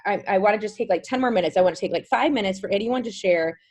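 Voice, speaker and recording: A woman's voice: medium pitch, fast talker. Woman, 30s, video-call host, casual and enthusiastic, mid-range voice. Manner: chatty, says "like" often, warm enthusiasm. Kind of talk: casual recap talk.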